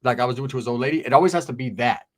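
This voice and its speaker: A man's voice: mid-range voice, racing. A man telling a story in casual, profane street slang, constantly checking in with "right?".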